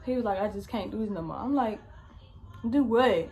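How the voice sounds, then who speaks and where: Fast-talking young woman telling a storytime. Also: mid-range voice, a little mellow. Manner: fast, chatty, slangy, swears often. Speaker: vlogger. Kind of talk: casual storytime.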